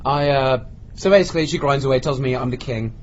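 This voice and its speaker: This podcast co-host is a British man with a medium-pitched voice who talks a little fast. Amid faint noise on a lo-fi recording, he tells friends a humorous anecdote, acting out what each person said.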